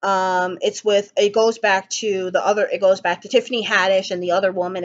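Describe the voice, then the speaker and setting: A woman's voice: mid-range voice, steady tone, fairly quick. Rambling, enthusiastic woman reviewer, lo-fi. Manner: rambling, enthusiastic, frequent ums and restarts. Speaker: album reviewer. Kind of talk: casual spoken review.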